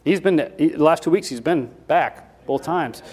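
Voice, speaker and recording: Guy preaching in a church, kinda high voice, folksy, keeps restarting lines, loud then quiet. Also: normal speed, husky. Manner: folksy, repeats himself with restarts; swings between loud emphasis and quiet asides. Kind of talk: sermon.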